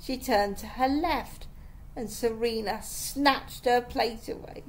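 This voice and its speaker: A mother reading a children's chapter book aloud to her children, with slow, expressive storytelling. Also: fairly high pitch.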